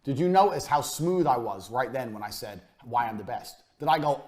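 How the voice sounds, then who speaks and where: A man giving a recorded business lesson, blunt and emphatic, swearing freely, his voice often trailing off quieter at the ends of lines. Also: medium pitch, lively intonation, a little fast, hardly any pauses. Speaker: business coach.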